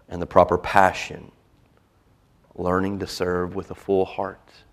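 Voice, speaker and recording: Deep-voiced pastor whispering for emphasis. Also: male voice, monotone, unhurried, pauses often. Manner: dramatic swings from loud emphasis to hushed whispers. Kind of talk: sermon.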